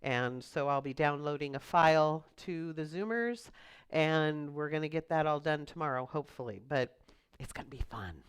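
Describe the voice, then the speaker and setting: Middle-aged lady minister, smooth clear voice, easygoing sermon with little jokes. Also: deep voice, expressive. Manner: chatty, storytelling, quick asides. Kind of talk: conversational sermon.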